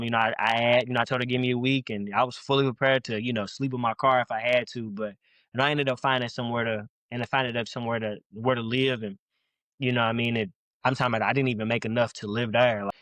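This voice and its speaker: Young male rapper from Louisville, quick rambling slang, dry close sound, guest on a podcast. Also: mid-range voice, fairly bright tone, no room sound. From Louisville, Kentucky, US. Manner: rambling, slangy, laid-back. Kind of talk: casual podcast interview.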